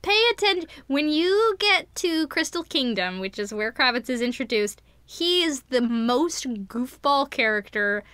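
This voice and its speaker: A woman co-hosting a podcast in casual chat, enthusiastic and quick to laugh. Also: high-pitched, sing-song, fairly bright tone, clean tone, no echo. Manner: enthusiastic, laughs often, fast bursts. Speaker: podcast co-host.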